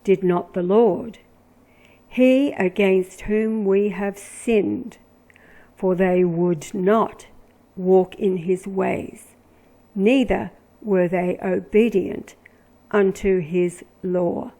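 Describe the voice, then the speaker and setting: A woman giving religious commentary, reading scripture verses aloud with deliberate, emphatic delivery. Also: medium pitch, fairly even intonation, dark tone, low-quality recording.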